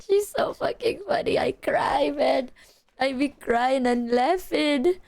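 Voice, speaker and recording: A woman's voice: sits high, very animated, takes it slowly. A young woman streamer in casual chat, rambling, swearing a lot and often breaking into laughter.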